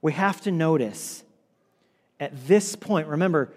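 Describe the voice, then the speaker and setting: A man preaching a sermon as pastor, earnest and repetitive, sometimes dropping his voice low and quiet for emphasis. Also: measured pace. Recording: long hall reverb.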